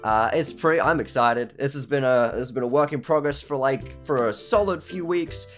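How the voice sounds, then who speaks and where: A man's voice: medium pitch, normal speed. A young man with an Australian accent giving a casual, rambling online presentation and often restarting his sentences. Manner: rambling, frequent restarts, laughs at himself. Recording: faint background music.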